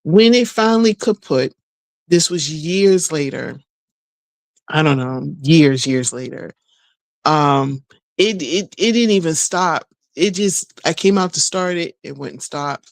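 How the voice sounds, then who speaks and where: A middle-aged woman talking straight to her viewers in a relaxed, rambling vlog, folksy and quick to laugh. Her voice is a bit hoarse, as if she is losing it. The sound is close and dry, with no room around it. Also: deep voice, no room sound. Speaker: vlogger. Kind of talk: casual vlog chat.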